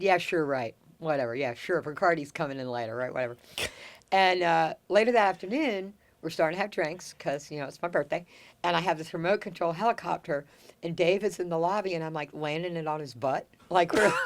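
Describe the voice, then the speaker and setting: A woman's voice: on the low side, a little fast. A woman hosting a podcast, telling stories in a casual chat, swearing freely and acting out quotes. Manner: animated storyteller, swears freely, acts out quotes. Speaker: podcast host.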